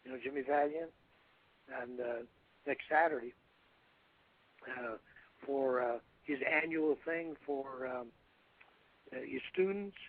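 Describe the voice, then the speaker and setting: An older man talks in a loose, rambling way, with plenty of pauses and restarts. His voice is husky. He is heard down a tinny, phone-like line. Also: medium pitch. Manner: rambling, halting, calls hosts "brother". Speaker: guest, retired wrestler. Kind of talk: phone-in radio interview.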